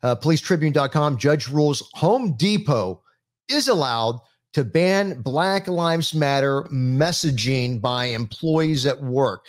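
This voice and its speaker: A man's voice: a little high, expressive, no room sound, studio quality. A man hosting a panel chat, who reads out news stories with many fillers and restarts. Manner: halting, lots of fillers. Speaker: podcast host.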